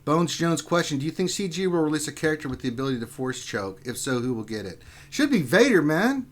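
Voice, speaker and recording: A man's voice: a little high, fast talker. A man casually hosting a lunch-hour gaming livestream, reading viewer questions and bantering with guests. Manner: excitable, reads viewer questions. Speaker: livestream host.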